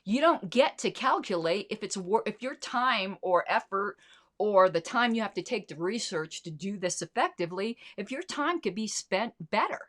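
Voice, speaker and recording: Speaking at a moderate pace in an animated, mid-range voice with a fairly bright tone, a middle-aged woman hosts a political commentary stream. Expect bluntness, indignation, lots of swearing and a steady stream of sarcastic rhetorical questions.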